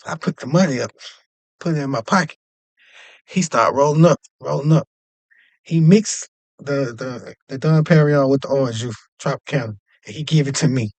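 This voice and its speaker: A young man casually telling a long, animated story, jumping up in pitch whenever he acts out other people's lines. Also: moderate pace, dry recording. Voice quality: animated, acts out quoted voices with jumps in pitch. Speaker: podcast host.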